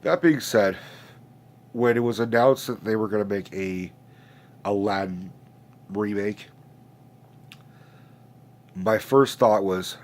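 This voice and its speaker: A man's voice: fairly low pitch, lively intonation, measured pace, long pauses. A man in his late twenties who sounds stuffed up from a sinus infection, hosting a casual, profane, rambling rant with many restarts. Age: late 20s. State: congested, stuffed-up nose. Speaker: host.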